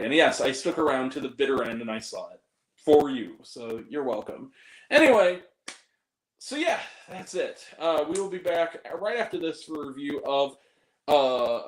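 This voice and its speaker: A young man giving a casual, blunt, rambling video review of a film, apologetic and self-deprecating as he goes. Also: on the high side. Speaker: movie reviewer. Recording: echoey room.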